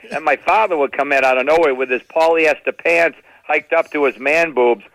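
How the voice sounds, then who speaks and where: Middle-aged comic, brisk stand-up storytelling, lively impressions, slightly high voice, dry close sound. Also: male voice, vocal fry, no room sound, poor audio. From New England. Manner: animated, slips into impressions of relatives. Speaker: comedian telling family stories.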